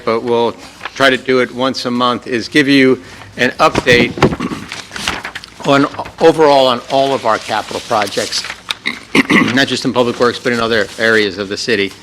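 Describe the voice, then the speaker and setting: Bright-voiced man giving a meeting report. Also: medium pitch, slight background noise, poor audio. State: losing his voice. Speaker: city manager.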